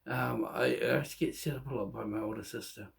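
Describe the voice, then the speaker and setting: Middle-aged man, gravelly voice, candid personal story, halting with restarts. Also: medium pitch, fairly even intonation. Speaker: vlogger.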